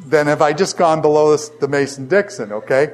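Man with a Boston accent, fairly high voice, teaching Scripture to a class with a stream of questions. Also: fairly quick, faint music behind. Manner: animated, fires rhetorical questions at the class. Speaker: Bible teacher. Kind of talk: classroom Bible lesson.

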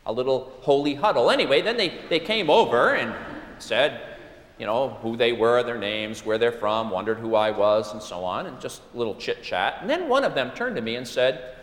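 A middle-aged man preaching an earnest sermon, leaning hard on key words and slowing down to stress them. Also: mid-range voice, big pitch swings, fairly bright tone. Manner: earnest, emphatic preaching with deliberate slowed stresses. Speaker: pastor. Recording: echoey hall reverb.

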